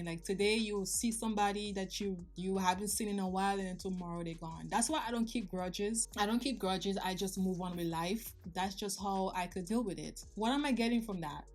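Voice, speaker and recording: A woman in her thirties talking straight to her viewers in a personal vlog, emotional and confiding, with some slips in her grammar. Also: medium pitch. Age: 30s. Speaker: vlogger. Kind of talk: personal life update vlog.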